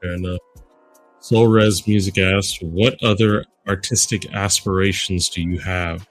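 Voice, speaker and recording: A low-voiced man hosts a podcast interview. He puts his questions in a measured way and reads out listener questions. Faint music sits behind him. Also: steady tone. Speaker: podcast host.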